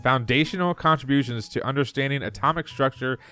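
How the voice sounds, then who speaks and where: A man's voice: medium pitch, fairly quick, sharp tone, faint music behind. A man co-hosting a podcast, reading trivia questions aloud in casual chat and laughing often. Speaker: podcast co-host.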